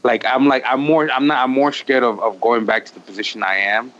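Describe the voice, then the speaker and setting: A man's voice: medium pitch, steady tone, fairly quick, a bit bright. A man with a Midwestern accent, a podcast guest talking candidly and earnestly, often restarting his sentences. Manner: earnest, heartfelt, many "like" fillers and restarts. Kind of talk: candid conversational storytelling. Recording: dull lo-fi with faint noise.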